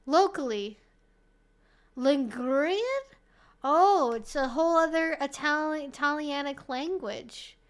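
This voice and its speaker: A high-pitched woman talks casually to her live-stream viewers as she answers their questions. She is loose and chatty, swears freely and uses "like" often. She laughs easily between her remarks. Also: slow pace.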